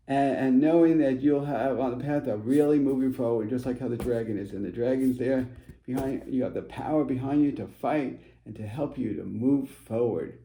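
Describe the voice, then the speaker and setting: A man gives a casual card reading to his viewers, rambling and reassuring, often restarting his sentences. His voice is gravelly and very dark. The room around him sounds echoey. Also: medium pitch, moderate pace. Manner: rambling, repetitive, reassuring, with many fillers and restarts. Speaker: spiritual advisor giving card readings. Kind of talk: casual tarot-style card reading to camera.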